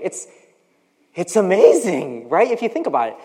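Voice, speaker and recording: This American preacher in their forties has a mid-range, slightly mellow voice with huge pitch swings, speaking at normal speed. The sermon feels conversational, full of personal asides, with quoted voices acted out. A long hall reverb colors the recording.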